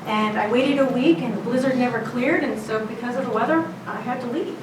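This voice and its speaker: This South Side Chicago woman speaks briskly in a fairly high voice, chatting through a personal story at a storytelling event and laughing along the way. The distant mic in the roomy live venue catches background noise.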